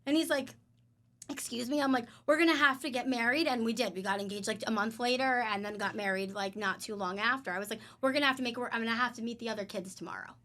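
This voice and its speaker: A woman guest in a casual podcast conversation, telling personal stories in an animated way and acting out what people said. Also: fairly high pitch, fast. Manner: animated storyteller, acts out quotes, emphatic.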